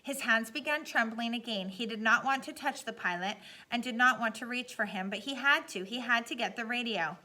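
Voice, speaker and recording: A woman narrating a novel aloud in a steady, dramatic reading. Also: on the high side, a little fast, hardly any pauses. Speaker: audiobook narrator. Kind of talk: scripted narration.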